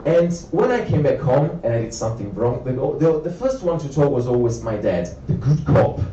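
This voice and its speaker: In a comedy club with an audience, a young comedian from Italy, speaking with an Italian accent at normal speed, plays out characters with dramatic pitch jumps in an animated style. The live sound is roomy, dull and far off, carrying a little hiss or hum.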